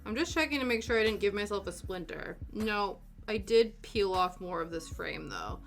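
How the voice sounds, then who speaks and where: Young woman streamer, lively pitch, chatty and self-mocking while crafting, faint music under her. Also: normal speed. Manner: chatty, self-deprecating, laughs often. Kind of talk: casual chat while crafting. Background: soft background music.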